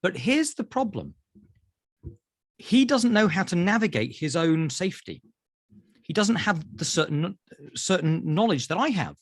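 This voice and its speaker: A British man, a therapist, telling animated stories in an interview and acting out voices. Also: high-pitched, a little slow, long pauses, dry recording, clean studio sound. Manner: acts out voices in anecdotes. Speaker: therapist guest.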